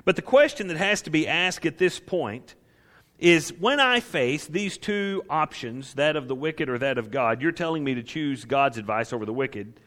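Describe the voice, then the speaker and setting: A man's voice: a little high, lively intonation, normal speed, fairly bright tone. Man preaching with pointed rhetorical questions. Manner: emphatic, stacks rhetorical questions. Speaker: preacher teaching the Psalms. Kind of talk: conversational sermon.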